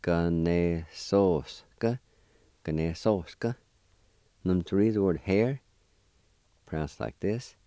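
A man hosts a vocabulary lesson, spelling and repeating each word slowly for learners. His voice is deep, dark and mellow. It sounds dry and close. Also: dry recording. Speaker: language teacher. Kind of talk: slow spelled-out language lesson.

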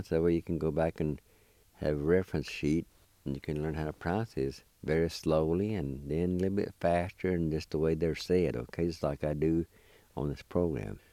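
A man teaching vocabulary as a host, spelling and repeating each word slowly and patiently, with a lilt. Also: low-pitched, mellow, no echo. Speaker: language teacher. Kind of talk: slow spelled-out language lesson.

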